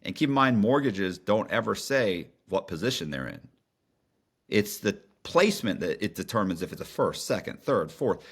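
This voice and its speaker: A middle-aged man recounts a story as a podcast guest, his voice sitting a little low but leaping up and down as he gets into it. He talks casually, with slang, fillers and quick restarts mid-sentence. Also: very animated, husky.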